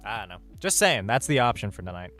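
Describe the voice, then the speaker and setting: A man's voice: on the low side, very animated, fast talker, fairly bright tone. A man streaming live, chatting casually with his viewers, rambling and joking with lots of swearing and "like". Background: faint music.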